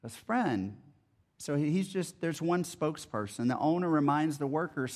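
A man's voice: on the high side, normal speed. A man preaching a sermon in a conversational style, explaining a Bible passage verse by verse. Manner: conversational, animated. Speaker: pastor.

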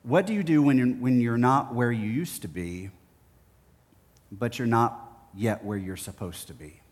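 A man from Texas preaching a sermon, telling stories in a playful, animated way. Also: mid-range voice, measured pace, long reverb tail. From Houston, Texas. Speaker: pastor.

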